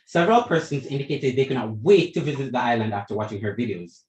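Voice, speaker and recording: A man's voice: mid-range voice, expressive, fast talker, a little mellow, reverberant, rough recording. A teenage boy with a Jamaican accent giving an emphatic, rhetorical school debate speech, addressing judges and opponents. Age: teens. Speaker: debate speaker.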